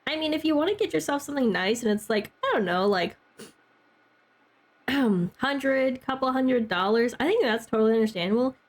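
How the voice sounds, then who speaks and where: A woman's voice: a little high, animated, normal speed. A young woman streaming a game, chatting casually with her chat and peppering her talk with "like" and little laughs. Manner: chatty, heavy use of "like", frequent laughs.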